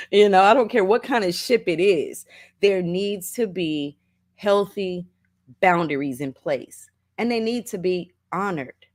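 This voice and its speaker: A middle-aged woman hosting a casual motivational livestream, reading viewers' comments aloud, laughing often and calling listeners baby and honey. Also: on the low side. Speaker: livestream host.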